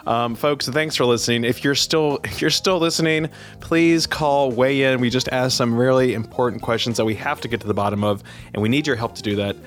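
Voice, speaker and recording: A man's voice: medium pitch, fairly quick, fairly bright tone. A man hosting a podcast, bantering playfully with mock outrage and laughing often. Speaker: podcast host. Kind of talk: casual banter and sign-off.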